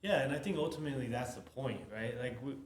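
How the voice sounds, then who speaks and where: A man co-hosting a podcast in relaxed, casual chat, often tagging his sentences with "right?". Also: mid-range voice, quick pace, reverberant, a little hiss or hum. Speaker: podcast co-host, realtor.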